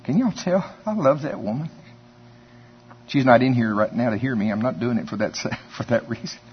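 A man's voice: medium pitch, lively intonation, normal speed, soft background music. A man preaching a sermon in a folksy, conversational way, telling stories and chuckling often. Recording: dull lo-fi sermon recording.

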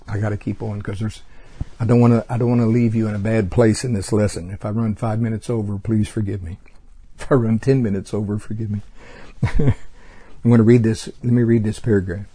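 A man preaching a sermon with fervor, breaking into exclamations of praise and swinging from loud emphasis to quiet asides. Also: on the low side, normal speed, pauses often, husky.

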